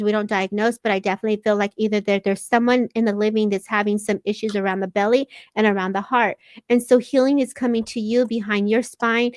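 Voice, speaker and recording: Woman host, high-ish voice, effusive live psychic reader, dry close sound. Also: a little mellow, no echo. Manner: effusive, quick bursts, emotional. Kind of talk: live intuitive reading.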